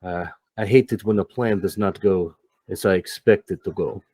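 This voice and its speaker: A man's voice: sits low, normal speed, mellow, husky, dry recording. A man voicing a scheming male fixer with cybernetic hands, speaking formally and in a raised voice.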